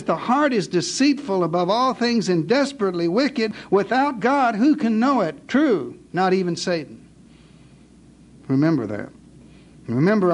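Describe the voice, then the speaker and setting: High-voiced theatrical male preacher. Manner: theatrical, wisecracking, shifts to hushed dramatic pauses. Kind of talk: dramatic storytelling sermon.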